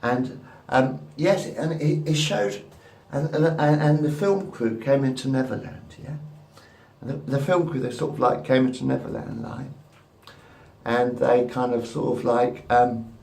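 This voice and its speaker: A man's voice: mid-range voice, unhurried, creaky, a little mellow. A man in his fifties rambling crudely and repetitively to a camera at home. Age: 50s. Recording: echoey room.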